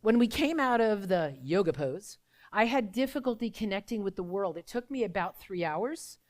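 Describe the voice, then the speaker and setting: A middle-aged woman pastor delivering a sermon, telling a personal story with emotion and soft, hushed passages. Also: medium pitch, expressive, moderate pace.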